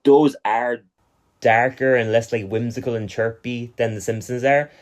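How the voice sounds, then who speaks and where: A young Irish man co-hosting a casual podcast, animated, laughing often and acting out the scenes he talks about. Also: medium pitch, normal speed. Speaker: podcast co-host.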